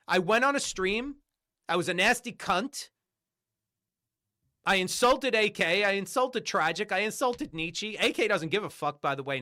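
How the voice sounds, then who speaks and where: Guy ranting on his stream, sharp tense voice, keeps hammering the same questions, swears a lot. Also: high-pitched. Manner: combative, repetitive, profane, hammering rhetorical questions. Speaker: livestreamer. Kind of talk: angry livestream rant.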